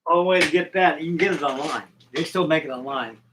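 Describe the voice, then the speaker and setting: A man's voice: fairly high pitch, quick pace, far from the mic, background noise. A middle-aged man hosting a live stream, chatting casually and folksily while he builds models, with rambling talk and casual swearing.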